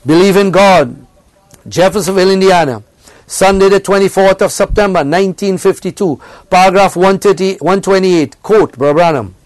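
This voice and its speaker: A man's voice: sits high, normal speed, dry recording. A man preaching a church sermon with fervor, reading quoted passages aloud and punctuating them with frequent amens and hallelujahs. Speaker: pastor. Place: church service.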